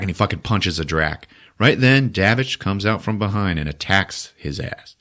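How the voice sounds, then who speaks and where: A man hosting a podcast, giving a profane, animated comic retelling of a movie. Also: low voice, normal speed. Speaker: podcast host.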